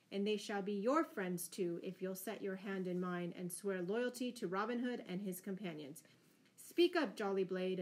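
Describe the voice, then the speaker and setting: A woman's voice: mid-range voice, lightly acted. A woman playing a hearty, jovial outlaw leader. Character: cheerful bold male outlaw leader.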